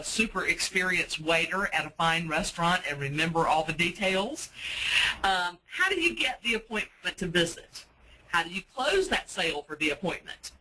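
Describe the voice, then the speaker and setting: A woman's voice: on the low side, bright, forceful tone, a little hiss or hum, low-quality recording. A woman giving a sales-training webinar for self-storage managers, speaking in a practical, coaching way with frequent fillers. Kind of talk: webinar presentation.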